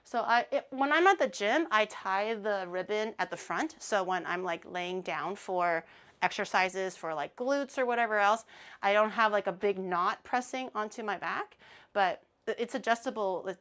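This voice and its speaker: A woman's voice: mid-range voice, moderate pace, a bit bright. A woman streamer in casual livestream chat, playful and giggly, laughing often and rambling with plenty of fillers. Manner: chatty, rambling with many fillers.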